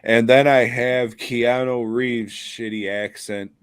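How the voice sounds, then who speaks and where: A man's voice: medium pitch, fairly even intonation, slow, smooth, no room sound, studio quality. A man co-hosting a podcast, ranting bluntly with lots of swearing and laughter. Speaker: podcast co-host. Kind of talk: casual podcast chat.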